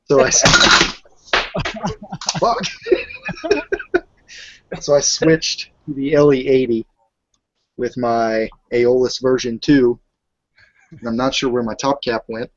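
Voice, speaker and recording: Relaxed co-host man, dry muffled mic. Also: mid-range voice, measured pace, no room sound. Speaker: podcast co-host. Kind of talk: casual podcast chat.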